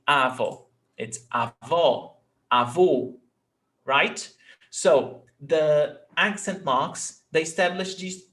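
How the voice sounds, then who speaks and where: A man leads an online language lesson, his voice sitting a little higher than most men's. He takes his time, spelling out sounds one by one and pausing to ask if the learner is following. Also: fairly bright tone, low-quality recording. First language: Portuguese. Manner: patient, repeats sounds slowly and checks in with "okay?". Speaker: Portuguese teacher.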